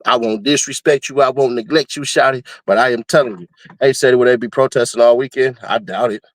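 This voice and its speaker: Hosting laid-back commentary, a man chats in a lively way, often laughing and occasionally breaking into shrill screaming bits. He talks fairly quickly, and the recording is dry.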